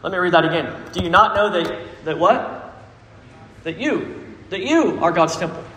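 Male pastor, high voice, emphatic sermon with questions, reverberant church hall. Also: expressive, moderate pace, a bit bright, slight background noise. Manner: preachy and emphatic, asks the congregation questions. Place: church sanctuary.

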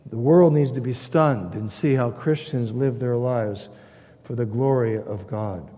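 A pastor preaching a sermon, emphatic, repeating key phrases and swinging between loud stresses and quiet asides. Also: male voice, mid-range voice, measured pace. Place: church sanctuary. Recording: long hall reverb.

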